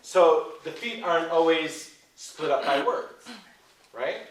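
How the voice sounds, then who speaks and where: Speaking slowly in a fairly high voice, a man leads a playful Shakespeare workshop, often tacking "right?" onto his phrases to check in. The classroom sounds echoey, he seems far from the mic, and there's a little hiss or hum.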